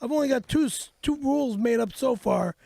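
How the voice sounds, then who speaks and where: A man's voice: very high voice, expressive, fairly quick, vocal fry, dark tone. A man co-hosting a comedy show, bickering indignantly and swearing a lot. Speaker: co-host.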